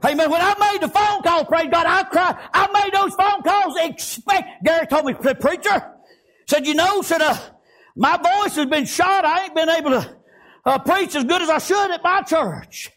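A man's voice: extremely high pitch, normal speed, fairly bright tone. An older male pastor preaching a fiery sermon in a folksy country dialect, breaking in with praise and amens.

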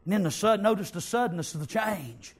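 A man preaching a fiery revival sermon in a church, punctuating nearly every line with "amen" and shouted praise. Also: high-pitched, expressive, fast.

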